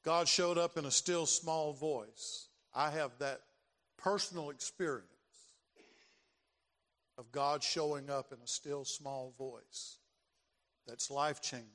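A man's voice: fairly high pitch, steady tone, slow pace, pauses often, fairly bright tone. An older man preaching a sermon as pastor, dramatic and given to repeating his phrases. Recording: long reverb of a large hall.

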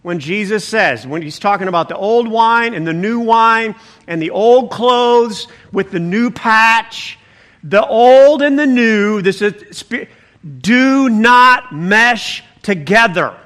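Speaking at a slow pace in a high-pitched voice, a pastor preaches animatedly and conversationally. Exclamations break in as he works through reading and explaining the text.

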